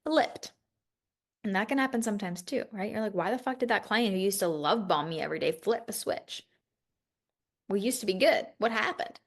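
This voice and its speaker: A woman's voice: medium pitch, brisk. A woman hosting a solo coaching podcast, talking candidly and emotionally, swearing freely and restarting her sentences. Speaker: business coach and podcast host.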